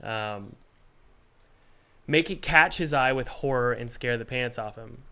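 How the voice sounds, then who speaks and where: A man with a bright, forward voice hosts a casual live stream. He has a cold and coughs between his sentences. He talks with energy, rambles, and throws in jokes as he gives advice. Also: medium pitch. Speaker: game developer hosting a live Q&A stream.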